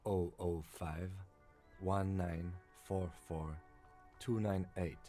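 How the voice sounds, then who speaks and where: An actor voicing a composed male police lieutenant in a video game, measured and matter-of-fact. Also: low-pitched, fairly even intonation, mellow, faint music behind. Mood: calm.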